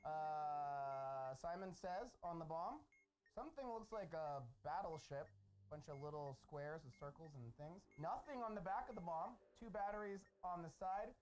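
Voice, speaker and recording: A woman's voice: on the low side, expressive, a little slow, a little mellow. A woman streaming a co-op bomb game, describing the bomb aloud and trading profane, mock-hostile insults over a walkie, closing lines with "over". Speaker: streamer playing bomb defuser.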